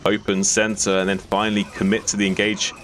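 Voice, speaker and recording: Male esports caster, lowish voice, quick excited play-by-play. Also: slight background noise. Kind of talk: play-by-play commentary.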